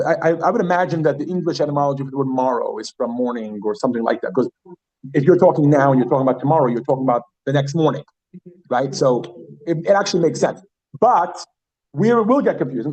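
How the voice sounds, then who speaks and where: Man, classroom teacher, slightly high voice, chatty, repeats words slowly, quizzes the class. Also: a little mellow, slightly rough, low-quality recording. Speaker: Yiddish teacher. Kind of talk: classroom lesson.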